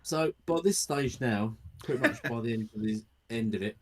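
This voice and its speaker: Casting: mid-pitched man, podcast host, halting delivery, repeats phrases, dry humor. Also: a little mellow. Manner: halting, repeats himself, dry running jokes. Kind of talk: casual gaming chat.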